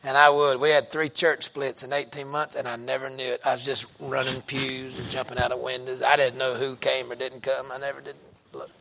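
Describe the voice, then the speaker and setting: A middle-aged man, a pastor telling stories in a sermon with folksy, colloquial phrasing and bursts of loud emphasis. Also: medium pitch, flat delivery, fairly quick, vocal fry, hardly any pauses, a little hiss or hum. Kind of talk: storytelling sermon.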